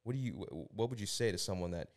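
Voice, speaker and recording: Deep-voiced fast-talking male host. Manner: relaxed, swears casually, asks questions. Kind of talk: casual podcast chat.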